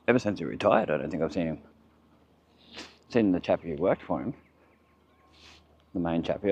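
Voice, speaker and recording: Walking along a waterfront with a handheld camera, an Australian vlogger chats in a rambling manner and mutters asides to himself. He has a deep voice with a darkish tone, captured as dull lo-fi camera audio carrying faint outdoor sounds.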